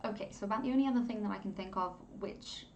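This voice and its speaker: A young woman talks through an editing tutorial from home in a loose, rambling way. She is chatty and breaks into laughter often, with a voice of middling pitch. A faint noise sits behind her. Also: fast. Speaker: content creator teaching video editing. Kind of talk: casual screen-recording tutorial.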